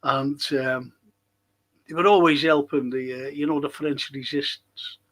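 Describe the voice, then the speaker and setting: A man's voice: mid-range voice, fairly even intonation, measured pace, fairly bright tone, low-quality recording. An older man, co-hosting a casual chat and telling long rambling anecdotes. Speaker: co-host.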